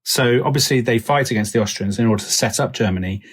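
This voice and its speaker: Husky man jumping in with a question. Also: medium pitch, fast. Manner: eager, apologetic interjecting questions. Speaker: podcast co-host. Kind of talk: casual chat.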